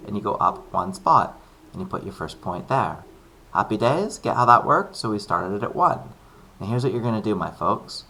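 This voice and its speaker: Lively, chummy male maths teacher. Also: lowish voice, gravelly, a little hiss or hum, low-quality recording. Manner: upbeat and chummy, keeps calling pupils "buddies"; casual, slangy explaining. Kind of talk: recorded video lesson.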